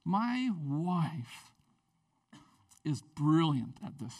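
A man, a pastor, preaching a sermon in a church, swinging between loud, animated bursts and quiet asides with a playful tone. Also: fairly high pitch, drawn-out words, far from the mic. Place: church sanctuary.

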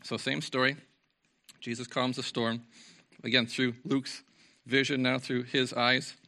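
A man preaching an informal, earnest sermon to his church, reading scripture and moving between lively talk and soft, quiet passages. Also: mid-range voice, unhurried, vocal fry. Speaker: pastor. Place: church service.

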